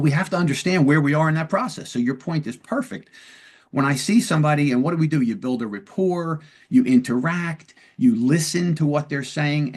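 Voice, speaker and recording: A man hosting a long-form interview, explaining de-escalation techniques in a conversational way and acting out short example dialogues. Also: mid-range voice. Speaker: podcast host and police lieutenant.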